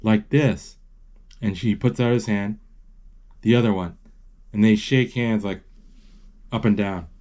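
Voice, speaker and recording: A man casually retells a film as he watches it. He talks very slowly in a low, mellow voice, halting often and restarting his sentences. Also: fairly even intonation. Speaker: amateur narrator retelling a film.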